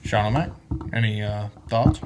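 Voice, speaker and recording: A man's voice: fairly low pitch, moderate pace, a little hiss or hum. A man co-hosting a casual sports podcast, blunt and profane, who gets worked up when he makes his point. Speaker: podcast co-host.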